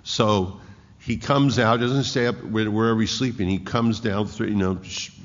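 A man preaching a sermon, reading scripture aloud and explaining it with slow emphasis and frequent restarts. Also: on the low side, steady tone, slight background noise. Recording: echoey hall, dull lo-fi sound.

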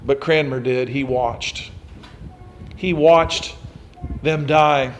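A man's voice: medium pitch, steady tone, drawn-out words, a little hiss or hum. A man preaching a sermon, telling a story and acting out the quotes with rising intensity. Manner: dramatic, acts out quotes, rising to intense emphasis. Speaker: pastor.

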